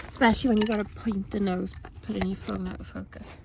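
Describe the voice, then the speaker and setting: A woman's voice: medium pitch, fairly even intonation, quick pace. Chatty woman on a dog walk. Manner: chatty, rambling with many fillers, talks to her dogs in between. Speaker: dog owner vlogger. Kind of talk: casual chat while walking dogs. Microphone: handheld phone camera. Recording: phone video outdoors with clear background noise.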